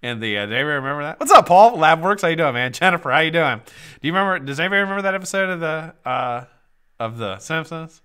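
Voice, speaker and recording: A man hosting a live stream trivia giveaway in casual chat, swearing freely and jumping into loud excited shouts. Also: a little high, quick pace, smooth. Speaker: livestream host running a trivia giveaway. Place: home streaming setup.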